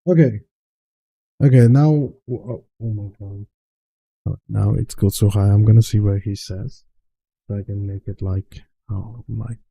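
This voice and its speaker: A man's voice: on the low side, steady tone, unhurried, gravelly, mellow, breathy edge. A streamer talking casually to himself while he tests his audio, muttering, repeating himself and swearing offhandedly. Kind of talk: casual talk to self while testing audio.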